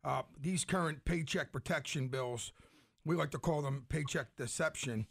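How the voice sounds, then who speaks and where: A man's voice: on the high side, normal speed, creaky, a bit bright, breathy edge. A man co-hosting a radio show, chatting casually and introducing a topic to a guest. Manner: joking, chatty. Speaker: radio co-host.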